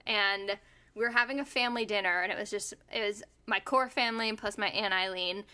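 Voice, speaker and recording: A woman's voice: medium pitch, fairly quick, sharp tone, smooth. A young woman on a podcast, telling a story in a chatty way, full of "like" and the odd swear word. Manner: chatty, lots of "like" fillers, swearing. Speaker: podcast co-host. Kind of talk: casual chat, storytelling.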